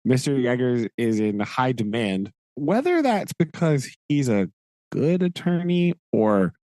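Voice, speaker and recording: A man's voice: medium pitch, very animated, measured pace, mellow, dry recording. Chatty man on a dry close mic. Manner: rambling, laughs often, many "like" fillers. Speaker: podcast co-host. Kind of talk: casual chat recapping a book.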